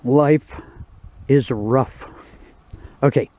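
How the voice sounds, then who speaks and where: A man's voice: medium pitch, drawn-out words, warm tone. A man narrating his own outdoor cooking vlog beside a campfire in the woods, in a folksy, joking, laid-back way.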